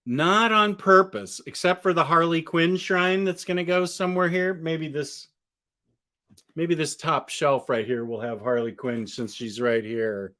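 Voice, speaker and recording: A man's voice: a little high, fairly even intonation, measured pace, pushed and bright. A man chatting casually on a livestream from his apartment, rambling and answering viewers' questions as he goes. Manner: rambling, restarts often, answers chat questions. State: has the hiccups. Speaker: comic book collector streamer. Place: apartment room among bookshelves.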